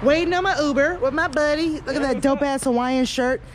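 A woman's voice: sits high, fairly quick. A woman vlogger talking casually and profanely to camera, with loose, laughing talk. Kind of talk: casual party vlog to camera. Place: house party, indoors. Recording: loud party crowd and music.

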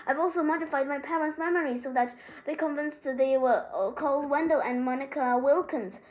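A woman's voice: high-pitched, a little fast, pitched above the performer's own voice, close to an everyday voice, low-quality recording. A woman voicing an anxious, bookish teenage witch who talks earnestly and stammers. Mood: determined.

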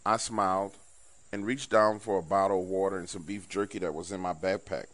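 Hushed low-voiced man telling a horror tale. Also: fairly even intonation, fairly quick. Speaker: storyteller recounting an encounter. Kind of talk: scripted first-person horror narration.

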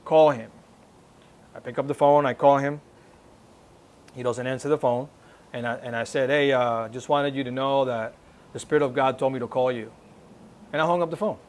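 Giving a personal testimony at a church service, a man reenacts the dialogue and urges listeners on earnestly. His medium-pitched voice keeps fairly even intonation, moving fairly quickly but with long pauses.

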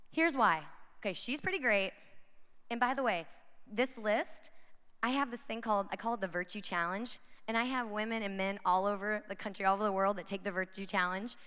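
A woman's voice: mid-range voice, sharp tone, clean tone. Chatty woman speaking in a big echoing hall. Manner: chatty, addresses the crowd directly with frequent "right?". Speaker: conference speaker. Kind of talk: inspirational talk to young women. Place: large conference hall. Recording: long hall reverb from a large venue.

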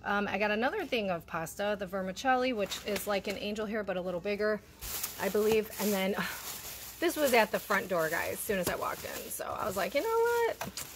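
A woman with a mid-range voice talks briskly to the camera over background music, a little out of breath as she unpacks her grocery haul at home. The vlogger keeps it chatty and casual, calling her viewers "you guys."

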